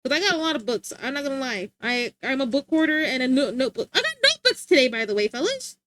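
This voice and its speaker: High-voiced, slangy young woman streamer. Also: quick pace, no echo. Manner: slangy and animated, lots of filler words. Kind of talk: casual chat.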